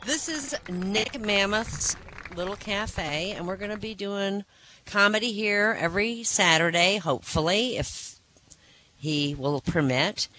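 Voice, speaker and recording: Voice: no echo, rough recording. A comedian hosting a small cafe comedy night and telling jokes to a live crowd. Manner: animated, jumps into high voices for characters in jokes. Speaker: stand-up comedian and host. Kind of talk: stand-up joke telling.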